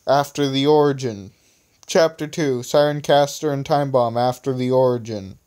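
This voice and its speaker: A man's voice: medium pitch, steady tone, moderate pace, darkish tone, smooth. A man casually reading his own story aloud, stumbling over typos and commenting on his own text, recorded on a phone. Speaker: amateur reader of his own stories.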